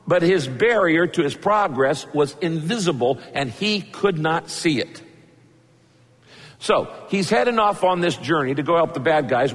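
A male pastor preaching a sermon, telling the story with lively asides and acting out the characters' lines. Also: a little high. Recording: long hall reverb.

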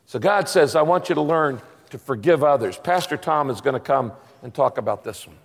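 A pastor preaching a sermon, animated and acting out little voices in his stories. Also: mid-range voice, fairly quick, vocal fry. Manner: animated, acts out voices in anecdotes. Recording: long reverb of a large hall.

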